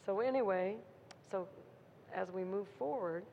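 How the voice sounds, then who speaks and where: A woman with a mid-range, gravelly voice speaks a little slowly, delivering an informal sermon as a preacher. She retells a story in a folksy, conversational style and asks her listeners "Amen?". The audio is dull, with a reverberant hall and faint noise.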